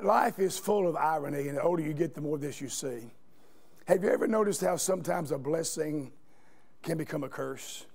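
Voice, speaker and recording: A man with a high-pitched, darkish voice preaches in a church sanctuary. He weaves stories into his sermon and asks the congregation questions.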